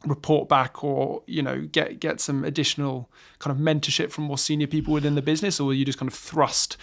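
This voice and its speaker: A man hosts a podcast interview, asking loose questions padded with "kind of." His voice sits fairly high with a gravelly edge. He often circles back and rephrases a question before he finishes it. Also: little pitch movement, fairly quick, fairly bright tone. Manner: hedging questions full of "kind of". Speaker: podcast host.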